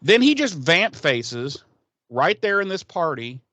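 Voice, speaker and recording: A man's voice: on the high side, big pitch swings, unhurried, bright, forceful tone, no echo. Guy on a podcast rambling thru a tv recap, swears a lot, dry close sound. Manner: profane, rambling, acts out quotes. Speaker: podcast co-host. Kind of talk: casual chat recapping an episode.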